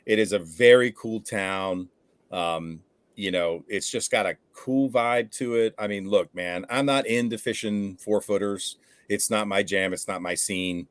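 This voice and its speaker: A man hosting a casual fishing livestream, telling stories with lively energy and casual swearing. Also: fairly low pitch, a little slow, no room sound. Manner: animated storyteller, swears casually. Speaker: fishing show host.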